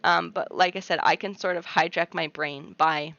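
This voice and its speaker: A woman's voice: on the low side, steady tone, moderate pace, a bit bright, dry recording. A young woman hosting a livestream, chatting casually and reassuringly with viewers, with lots of fillers. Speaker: livestream host. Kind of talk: casual chat reading viewer comments. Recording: muffled lo-fi stream audio with faint music. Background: faint background music.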